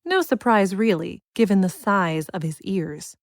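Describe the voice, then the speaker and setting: A woman reading a children's fantasy story aloud in a measured, expressive style. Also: mid-range voice, dry recording, clean studio sound. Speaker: narrator. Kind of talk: scripted audiobook narration.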